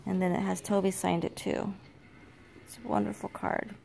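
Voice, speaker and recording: A woman's voice: mid-range voice, flat delivery, normal speed, gravelly, a little mellow, a little hiss or hum. An older woman, a grandmother, chatting casually at home into a handheld phone camera while giving firm, fond commands to dogs and children. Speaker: grandmother filming her granddaughters. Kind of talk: casual home video chat. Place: home, indoors.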